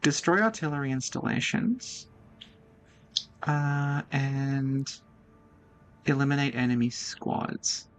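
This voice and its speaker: A woman's voice: very deep voice, slow pace, pauses often. A woman streaming a game, chatting casually and thinking aloud as she plays. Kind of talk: casual gameplay commentary.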